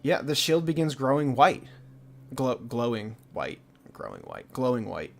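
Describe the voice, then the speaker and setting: A man's voice: medium pitch, wildly swooping pitch, a little slow, vocal fry. A young man narrating as game master in a live tabletop game, rambling loosely with lots of fillers.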